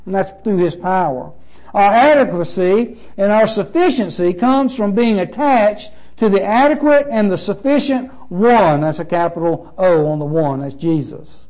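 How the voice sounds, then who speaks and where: A man's voice: sits high, animated, moderate pace, darkish tone, lo-fi sound. A man preaching a sermon as pastor, emphatic and repeating phrases with shifting stress.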